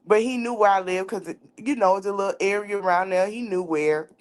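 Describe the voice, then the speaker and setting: A woman's voice: mid-range voice, fairly quick. A woman hosts a casual podcast. Her delivery is candid and outspoken. She acts out each side of a conversation as she tells a story. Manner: outspoken, animated storyteller acting out dialogue. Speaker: podcast host.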